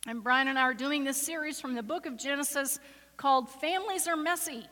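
A woman pastor preaches with a high, bright voice, acting out the voices in a scripture story. Long hall reverb trails behind every word. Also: fairly quick. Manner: acts out the voices in the story with rising emotion. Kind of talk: sermon with dramatic scripture reading.

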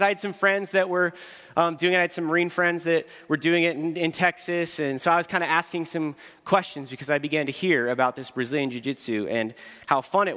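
A man's voice: high voice, pushed and bright. A man giving a humorous, self-deprecating storytelling talk to an audience in a large hall.

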